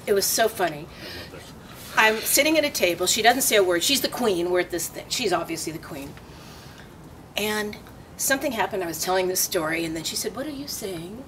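An older woman telling stories in a casual interview, animated and laughing as she acts out voices. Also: mid-range voice, normal speed, distant mic, slight background noise.

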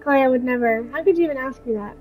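A shy, earnest young woman photographer writes to her girlfriend, read aloud by a woman. The voice is high and unhurried, with faint music underneath. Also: darkish tone, close to an everyday voice, poor audio. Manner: reading text messages aloud, earnest.

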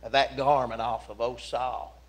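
A man preaching a sermon in a church, telling the story in a folksy, animated way with big swings from loud to hushed. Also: medium pitch, moderate pace. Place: church sanctuary.

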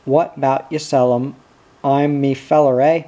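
A man reading as a calm old peacemaker. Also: mid-range voice, a little slow, natural voice. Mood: coaxing. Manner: coaxing, broken English. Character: older male peacemaker, calm and coaxing.

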